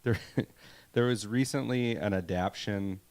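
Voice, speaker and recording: A man with a low voice co-hosts a casual podcast. He rambles, reads facts aloud and breaks into laughs. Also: normal speed, darkish tone. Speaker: podcast co-host. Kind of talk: casual chat.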